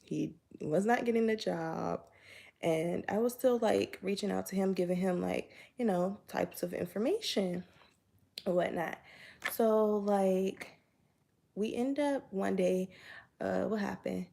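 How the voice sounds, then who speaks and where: Young woman, gravelly fry, chatty casual storytime, filler-heavy. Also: medium pitch, measured pace, warm tone. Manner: chatty, filler-heavy, acts out both sides of dialogue. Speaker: YouTuber.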